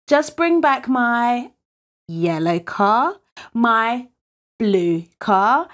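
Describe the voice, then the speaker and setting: A woman reading a storybook voices an eager, sly young boy in full character, his voice leaping high and swooping widely. He speaks slowly and brightly, sounding excited and pleading.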